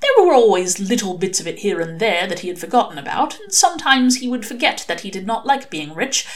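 A woman reading a short story aloud as an expressive audiobook narrator. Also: medium pitch, brisk. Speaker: reader.

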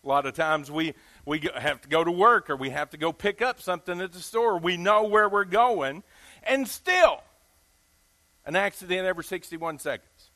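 A Southern US preacher man with a notably high, ringing voice delivers a sermon. He talks in a folksy, emphatic way and keeps putting questions to his listeners. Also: normal speed, sharp tone.

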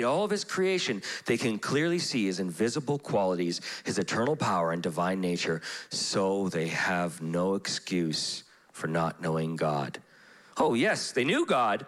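Man preaching an animated sermon. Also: fairly low pitch. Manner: animated, acts out voices in stories. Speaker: pastor. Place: church.

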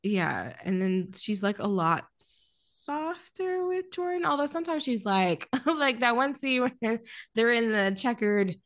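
A woman hosting a casual film chat, animated and giggly, often acting out scenes. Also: fairly high pitch, unhurried. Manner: animated, giggly, acts out scenes in quoted voices. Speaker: podcast host.

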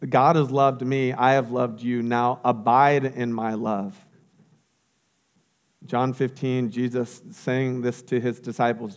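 A man's voice: medium pitch, a little mellow. A man preaching as a pastor, earnest and repeating key phrases, then closing in prayer.

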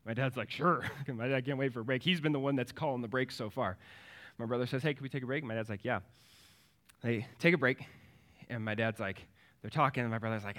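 A man's voice: on the low side, a little fast, fairly bright tone. A man in his thirties, a pastor, preaching a sermon and telling a family story, acting out the voices in it.

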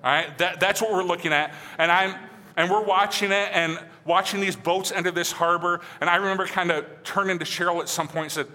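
A man preaching a sermon as a pastor, emphatic and conversational, often asking his listeners "right?", and dropping to a soft, slow voice on key phrases. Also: sits high, fairly even intonation. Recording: long hall reverb.

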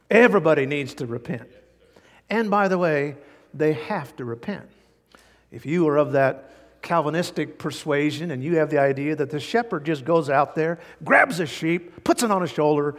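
A man preaching a sermon in an emphatic style that rises to animated outbursts. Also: on the high side. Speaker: pastor. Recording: long church hall reverb.

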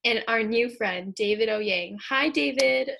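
A woman's voice: a little high, measured pace, creaky, a bit bright, slight background noise. A teenage girl co-hosting a casual podcast, telling the story in a chatty, giggly way. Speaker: podcast co-host. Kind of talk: casual chat.

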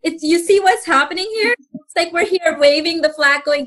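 A woman speaking as a mentor guest in a podcast interview, animated, acting out other people's voices and laughing often. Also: very high voice, moderate pace.

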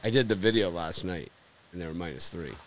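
A man's voice: deep voice, animated, brisk, slight background noise. A man hosting a casual sports betting chat, joking and laughing often. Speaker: host of a sports betting show.

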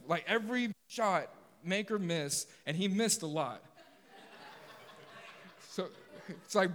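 A man preaches to his congregation in a sermon, speaking with energy and dropping in jokes with the people in front of him. His voice sits a little high for a man. The sound rings out with the long reverb of a big hall. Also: a little slow. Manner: animated, joking asides with the congregation. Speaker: pastor.

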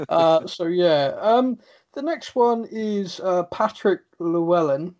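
A man's voice: sits high, animated, slow pace, darkish tone, lo-fi sound. A man hosting a casual podcast, reading out listener questions and answering in a chatty way with stammering restarts and frequent laughs. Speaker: podcast host.

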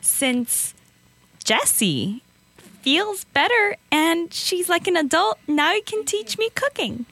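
A woman acts out a nagging little daughter in an improvised comedy bit, her voice very high and bright. She pleads over and over for attention in a lively, singsong way, recorded dry and close. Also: takes it slowly, no room sound, heavily acted. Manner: repeats calls for attention, pleading. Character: whiny nagging young daughter. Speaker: podcast co-host.

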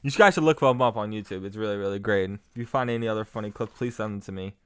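A man hosting a podcast, giving crude comic commentary on clips, laughing often and excitable. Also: lowish voice, racing, clear, resonant tone, no echo. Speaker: podcast host.

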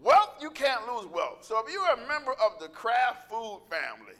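A man preaching a sermon, animated and joking, acting out little voices and calling out to the congregation. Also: very high-pitched, moderate pace. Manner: animated, joking, acts out voices, laughs often; calls out to congregation.

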